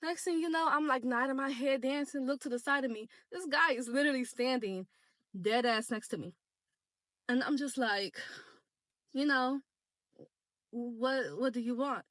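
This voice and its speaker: Casting a high-voiced young woman, animated and slangy, relaxed storytime vlog, dry close sound. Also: moderate pace, no room sound. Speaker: vlogger. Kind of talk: casual storytime.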